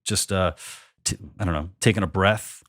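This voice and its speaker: A man's voice: low voice, moderate pace, a bit bright, no echo. A man in his thirties hosting a podcast, rambling and joking at his own expense with many restarts. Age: 30s. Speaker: podcast host. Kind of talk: casual comedic conversation.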